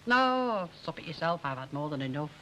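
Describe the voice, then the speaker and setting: Brief: sharp-tongued older Northern woman, scolding and sarcastic, in a 1960s TV soap. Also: low voice, big pitch swings, brisk, a little hiss or hum, low-quality recording. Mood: gloating. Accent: Northern English.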